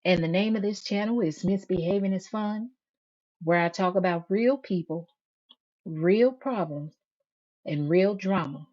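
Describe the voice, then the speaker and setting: A woman's voice: medium pitch, a little slow, a little mellow. Sassy woman host reading live comments. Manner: sassy, emphatic, reads comments aloud. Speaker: channel host. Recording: dull lo-fi stream audio.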